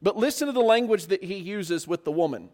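A man's voice: high-pitched, expressive, fairly quick, a little mellow. A man preaching a sermon, often putting rhetorical questions to his listeners.

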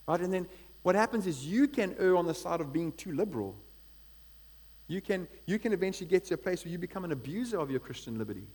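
A man preaching a sermon in an energetic, conversational way, often checking in with the congregation. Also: high voice, fast talker. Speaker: pastor.

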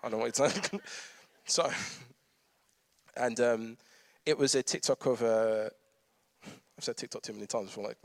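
A man's voice: medium pitch, unhurried, long pauses, no echo, clean studio sound. A man, preaching a conversational sermon with humorous asides and frequent laughter. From London. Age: 30s.

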